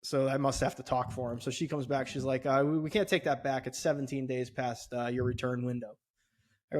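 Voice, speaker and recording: A man's voice: medium pitch, a little fast. A middle-aged man co-hosting a podcast, telling a story casually with lots of swearing, his voice climbing sharply when he gets indignant. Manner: animated, swears often, voice rises when indignant. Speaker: podcast co-host.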